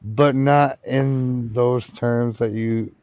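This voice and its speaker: A man's voice: medium pitch, steady tone, drawn-out words, vocal fry, a little mellow, no room sound, highs cut off. A man hosting a casual livestream chat, rambling and sardonic, with frequent swearing.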